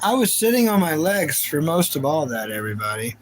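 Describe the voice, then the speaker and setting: A man's voice: fairly high pitch, very animated, a little fast, slight background noise, poor audio. A young man hosting a livestream, chatting casually and playfully about anime and reacting to his viewers. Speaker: livestream host.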